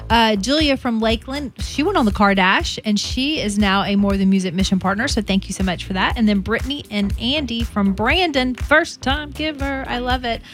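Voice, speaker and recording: Southern-accented woman co-host, high-ish voice, chatty, music bed under. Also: a little fast, hardly any pauses. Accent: Southern American. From American South. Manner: warm, laughs often, uses y'all. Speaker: radio co-host. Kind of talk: radio fundraiser banter.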